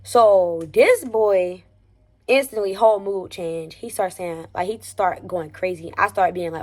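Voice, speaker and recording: A young woman telling a personal story on her vlog, in a casual, slangy, animated way, swinging between loud exclamations and hushed asides. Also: mid-range voice, measured pace.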